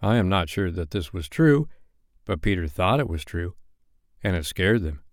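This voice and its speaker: Man reading an expressive bedtime story. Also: deep voice, normal speed, dry recording, clean studio sound.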